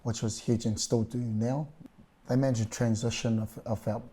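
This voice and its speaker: A middle-aged man and parent on a panel, talking in a relaxed, rambling way with chuckles. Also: medium pitch, moderate pace, husky. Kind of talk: casual panel chat.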